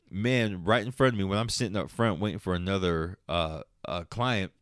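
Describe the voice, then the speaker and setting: Deep-voiced man ranting on his podcast. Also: moderate pace, few pauses, clear, resonant tone, no room sound, studio quality. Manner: profane, heated, laughs at himself. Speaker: podcast host. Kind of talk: late-night solo podcast rant.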